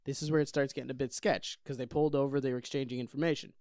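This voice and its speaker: A man's voice: medium pitch, fairly even intonation, very fast, darkish tone, no echo, clean studio sound. A young man co-hosting a casual comedy podcast, rambling and laughing as he talks. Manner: rambling, self-interrupting, laughs often. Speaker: podcast co-host.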